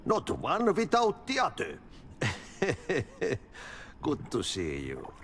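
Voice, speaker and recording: Game role: an eccentric Finnish janitor, slow and high, swooping chuckling delivery, folksy proverbs. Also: male voice, wildly swooping pitch, a bit bright, a little hiss or hum, heavily acted. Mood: cryptic cheerful. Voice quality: sing-song, chuckling, folksy sayings. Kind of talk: video game dialogue.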